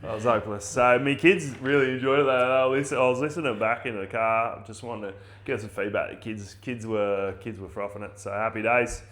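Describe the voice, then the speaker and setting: A middle-aged Australian man hosts a casual podcast chat. His voice has a bright edge, and he sounds excitable, laughing often and swearing freely. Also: mid-range voice, a little fast, hardly any pauses. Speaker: podcast host.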